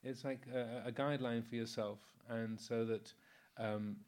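A man in his sixties, a Buddhist monk, giving an informal Dharma talk in a relaxed, anecdotal way, with many fillers and frequent chuckles. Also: medium pitch, measured pace.

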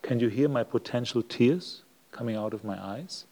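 Monk giving a sermon, mellow male voice, slow and reflective with long pauses. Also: mid-range voice. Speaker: Buddhist monk giving a Dhamma talk. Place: monastery hall.

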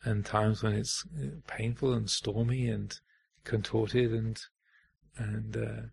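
A man giving a reflective Dharma talk as a meditation teacher, pausing often and restarting his phrases. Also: on the low side, flat delivery, creaky, darkish tone, husky. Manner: reflective, halting, many fillers and restarts.

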